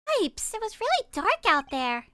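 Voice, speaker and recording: A woman's voice: extremely high pitch, wildly swooping pitch, measured pace, a bit bright, slight background noise, exaggerated voice. A woman playing a bubbly teenage girl magician. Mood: curious. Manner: bubbly, blunt, playful. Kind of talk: fan voice acting of a game.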